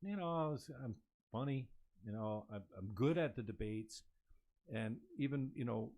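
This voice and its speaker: A man's voice: mid-range voice, expressive, normal speed, a little mellow. Blunt, rambling man. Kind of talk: casual political chat.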